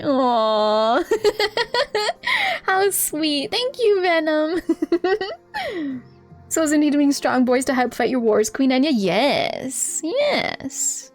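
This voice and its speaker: A woman's voice: sits high, big pitch swings, takes it slowly, soft background music. A young woman streaming a game, reading its text aloud and chatting playfully with a giggly manner. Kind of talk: casual game stream commentary.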